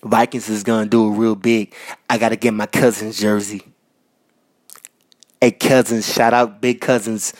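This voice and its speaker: A man from Minnesota hosting a podcast, talking casually and giving loud, repetitive shout-outs full of slang. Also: fairly low pitch, level tone, moderate pace, long pauses. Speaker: podcast host. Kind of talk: casual solo podcast monologue. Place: North Minneapolis.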